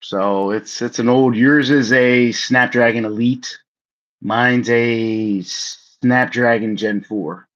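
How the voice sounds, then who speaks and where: A man's voice: medium pitch, steady tone, slow pace, a bit bright. A young man co-hosting a casual livestream, talking loosely with casual swearing. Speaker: co-host of a livestream. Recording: slightly dull lo-fi sound.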